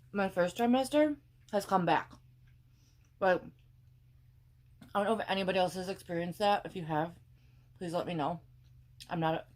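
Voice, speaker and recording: A lowish, darkish voice belongs to a young woman with a Wisconsin accent who chats casually while cooking on her vlog. Tired and pregnant, she drifts through tangents and curses now and then.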